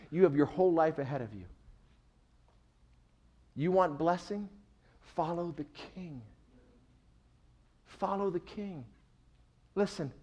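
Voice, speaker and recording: A middle-aged male pastor preaching a sermon with emphatic swings between soft and loud delivery. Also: sits high.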